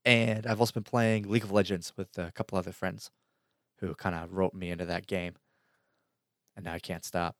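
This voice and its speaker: A man's voice: low voice, little pitch movement, a little fast, no echo, studio quality. A young man hosting a gaming podcast, chatting casually with lots of fillers and easy laughter. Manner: laughs easily, reads news with fillers. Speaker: podcast host. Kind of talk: casual chat.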